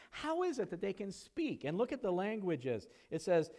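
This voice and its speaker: A man with a fairly high voice preaches to his congregation in a church. He teaches in a relaxed, conversational way with asides, and his voice climbs higher and louder when he gets excited. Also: moderate pace, few pauses. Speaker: pastor. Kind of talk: sermon. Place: church sanctuary.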